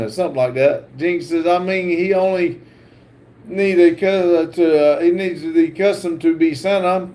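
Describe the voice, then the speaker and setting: A man hosting a livestream, reading viewer comments aloud with halting pauses and fillers. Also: on the high side, warm tone. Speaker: livestream host.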